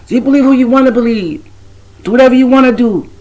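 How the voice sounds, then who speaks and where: A fast-talking woman with a higher, slightly mellow voice comes through a rough recording. Describing herself as a spiritual intuitive, she speaks right to her viewers about a personal spiritual experience, casual, blunt and streetwise, with occasional cursing.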